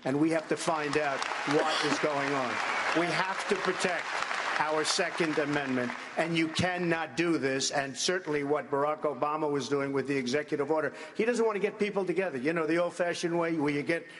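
A man in a large debate hall, answering questions in an emphatic, repetitive way and talking over anyone who cuts in. His voice sits a little high, and a long reverb hangs behind it. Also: moderate pace, a loud crowd, heavy background noise. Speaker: presidential debate candidate.

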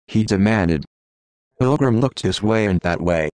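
A man reading a storybook tale aloud in a steady, measured way, voicing the characters' quotes himself. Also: lowish voice, dry recording. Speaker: narrator.

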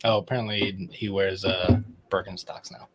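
A man's voice: sits low, little pitch movement, normal speed, a bit bright, breathy edge, faint music behind. A man co-hosting a beer tasting livestream, laid-back, giving short replies and laughing easily. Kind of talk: casual livestream chat.

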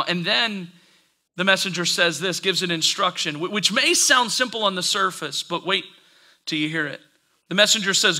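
A man preaching a sermon as pastor, telling the story in an animated, conversational way. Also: high-pitched, moderate pace.

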